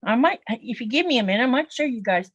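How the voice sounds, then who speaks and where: A woman's voice: fairly high pitch, lively intonation, fast, slightly rough, no echo, lo-fi sound. Chatty woman rambling through a story. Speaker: livestream co-host, quilter. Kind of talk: casual livestream chat.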